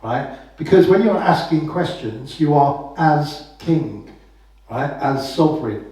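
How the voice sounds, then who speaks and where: A man's voice: a little high, expressive, slow, warm tone. A man giving a casual, anecdotal talk as a common law speaker, often asking "right?" after his points. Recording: very echoey room, voice from far off the mic.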